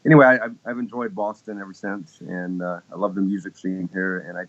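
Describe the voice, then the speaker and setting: A man's voice: deep voice, little pitch movement, fairly quick. A man in his fifties from Texas, a guest musician telling stories in a casual interview, rambling and chuckling with many restarts. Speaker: guest keyboardist. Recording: slightly muffled lo-fi audio.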